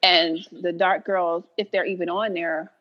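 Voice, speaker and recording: A woman guest on a podcast, an animated storyteller who acts out what people said and laughs often. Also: fairly low pitch, measured pace, dull audio. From New York. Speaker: creator and writer, guest. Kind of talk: casual podcast interview.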